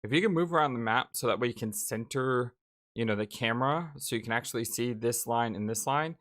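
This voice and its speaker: A man's voice: mid-range voice, brisk, fairly bright tone. A man hosting a let's play, giving casual, rambling gameplay commentary with many fillers.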